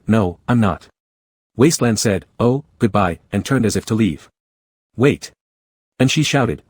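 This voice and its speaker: A man narrating an audiobook in a steady, even storytelling way. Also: fairly low pitch, husky, dry recording. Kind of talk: scripted narration.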